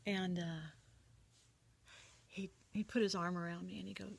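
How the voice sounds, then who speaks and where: A woman gently telling a personal family story, reminiscing in a soft, often breathy voice. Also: lowish voice, fairly even intonation, unhurried.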